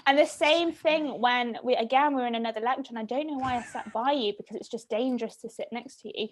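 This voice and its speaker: A young woman chats with friends over a video call. Her voice sits high. She tells her stories with energy and acts out what people said. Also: quick pace. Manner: lively storyteller, acts out quotes. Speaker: guest. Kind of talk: casual chat.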